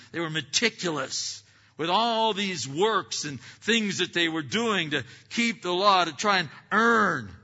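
Slow-preaching pastor, bright tone, hall echo. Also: male voice, on the high side, dull audio. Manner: preaching with rhetorical questions and frequent "uh" fillers. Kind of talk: sermon.

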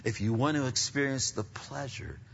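Gravelly preacher in an echoing church. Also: male voice, mid-range voice, moderate pace, slight background noise. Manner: animated preaching, swings from quiet to shouting. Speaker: pastor. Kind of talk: sermon. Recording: long reverb, dull lo-fi sound.

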